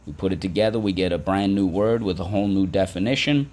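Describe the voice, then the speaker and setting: A man's voice: sits low, fast, few pauses, darkish tone, slight background noise. A male teacher giving a patient vocabulary lesson for children, spelling words out and asking the class to repeat them.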